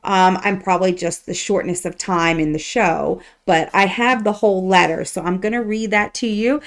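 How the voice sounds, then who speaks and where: A woman's voice: mid-range voice, steady tone, normal speed. A woman talking casually as she reviews a TV episode, chatty with many fillers, reading a letter aloud at times. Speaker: TV show reviewer.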